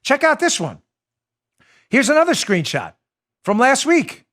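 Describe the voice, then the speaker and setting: A man's voice: extremely high pitch, huge pitch swings, measured pace, a bit bright. A man hosting a political talk show, delivering an indignant, sarcastic monologue full of rhetorical questions. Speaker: host.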